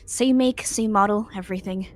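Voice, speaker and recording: A woman's voice: medium pitch, normal speed, a little hiss or hum. A young woman chatting casually on a call while gaming with a friend, teasing and laughing. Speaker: co-player on call. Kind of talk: casual chat.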